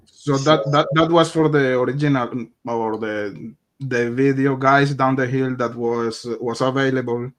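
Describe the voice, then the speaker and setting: Halting male interview host. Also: medium pitch, steady tone, fairly bright tone. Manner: halting, many "uh" fillers and repeated words. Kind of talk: interview questions.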